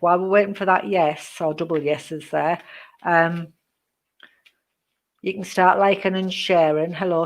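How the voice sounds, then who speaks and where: A woman giving psychic readings on a live stream, chatty and rambling, greeting viewers by name, with many pauses and "um"s. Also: lowish voice. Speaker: psychic reader.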